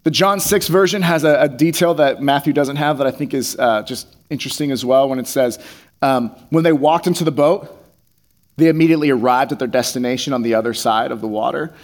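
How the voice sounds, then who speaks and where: A man's voice: mid-range voice, brisk. A man preaching a conversational sermon, reading scripture aloud and then explaining it in plain, casual speech. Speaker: pastor.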